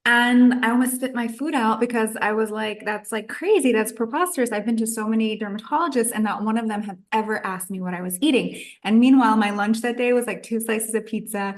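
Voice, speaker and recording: A woman's voice: fairly high pitch, steady tone, fairly quick, few pauses. A woman in her thirties, a nutritionist guest on a podcast, telling her own story in a chatty way and acting out her past thoughts.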